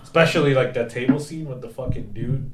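A man's voice: mid-range voice, fairly quick. Laid-back man, chatter in the background. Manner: laid-back, swears casually. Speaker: podcast guest. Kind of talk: casual podcast chat.

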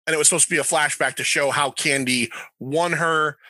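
A man's voice: fairly high pitch, steady tone, fairly quick, bright, forceful tone, no room sound. A man co-hosting a casual movie podcast, blunt and profane, laughing often as he picks apart scenes. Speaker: podcast co-host.

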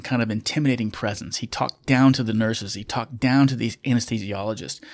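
A middle-aged man, a former military officer turned pilot, telling a story in a candid, reflective way with fillers and restarts. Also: mid-range voice. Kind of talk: casual storytelling.

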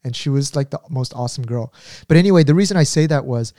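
A man talks through memories in a relaxed, mellow voice, dry and close. His speech wanders with frequent fillers and restarts. He slips into quick character impressions as he goes. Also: medium pitch, no room sound. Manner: rambling, filler-heavy storytelling with impressions. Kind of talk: casual conversation.

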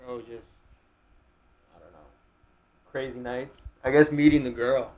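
A man's voice: medium pitch, steady tone, a little slow, darkish tone, low-quality recording. A young man with a Miami accent, a podcast guest talking casually in a loose, rambling way full of "like". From Miami, United States. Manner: loose, rambling, heavy use of "like".

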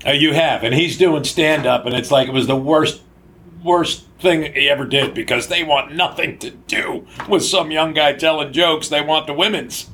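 A man's voice: fairly high pitch, normal speed, bright, forceful tone, a little hiss or hum. An older man co-hosting a casual podcast, telling stories and laughing often. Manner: laughs often, acts out quoted voices. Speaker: podcast co-host. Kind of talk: casual storytelling chat.

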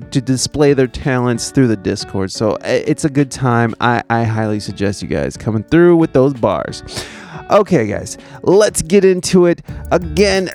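Chatty podcast host, light music behind. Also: male voice, mid-range voice, gravelly, darkish tone. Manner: chatty, rambling, laughs often. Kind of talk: casual livestream interview.

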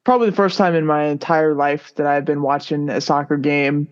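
A man co-hosting a sports podcast, talking in a relaxed, rambling way with lots of fillers. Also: on the high side, a little fast, smooth. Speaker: podcast co-host. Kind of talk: casual sports podcast chat. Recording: dull lo-fi sound.

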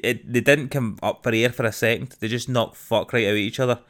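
A man's voice: medium pitch, fairly even intonation, fairly quick, fairly bright tone. A young Scottish man in casual podcast chat, blunt, sweary and enthusiastic. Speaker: podcast co-host.

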